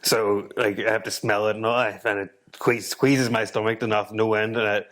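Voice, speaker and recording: A man's voice: lowish voice, moderate pace. An Irish man co-hosting a podcast, chatting casually and laughing often. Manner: laughs often, animated and giggly. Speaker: podcast co-host. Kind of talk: casual chat.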